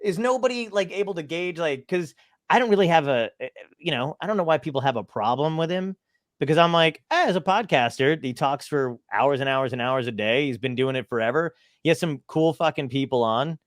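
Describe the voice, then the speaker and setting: A man's voice: on the high side, expressive, a little fast, no room sound, studio quality. A man hosting a podcast in casual chat, talking in a rambling, restless, self-deprecating way, hyper and scattered. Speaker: podcast host.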